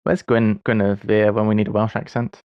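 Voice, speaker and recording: A man's voice: on the low side, little pitch movement, fairly quick, clean tone, no room sound, highs cut off. A man in his forties streaming live, musing aloud as he solves puzzles, with wry, self-deprecating asides. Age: 40s. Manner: muses aloud while solving puzzles. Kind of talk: casual livestream chat.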